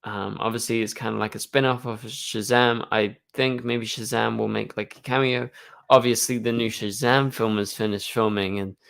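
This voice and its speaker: A man's voice: fairly low pitch, level tone, moderate pace, gravelly, fairly bright tone. A young man hosting a live stream, chatting casually and answering viewer questions, rambling with lots of fillers. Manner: rambling, full of "like" and "um".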